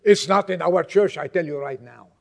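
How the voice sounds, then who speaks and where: A gravelly-voiced man preaches to his congregation at a moderate pace. Emphatic in delivery, he moves between loud exhortation and low, quiet asides.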